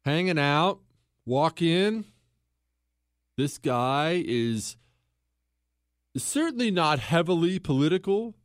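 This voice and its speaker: Male talk host, slightly high voice, emphatic storyteller, dry close recording. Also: no room sound. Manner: storytelling, mimics others in quotes, emphatic repetition. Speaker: podcast host. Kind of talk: opinionated monologue.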